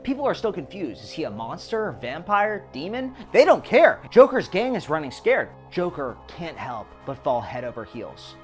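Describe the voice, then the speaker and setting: A man casually narrating a retold film story in an animated way, with music underneath. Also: fairly high pitch, normal speed, few pauses. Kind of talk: storytelling retelling of a film plot.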